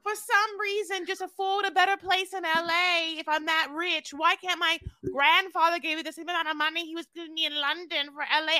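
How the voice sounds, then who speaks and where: A woman mimicking a shrill spoiled rich girl. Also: bright, forceful tone, no room sound. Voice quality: shrill, exaggerated mocking tone. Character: spoiled rich young London woman, defensive.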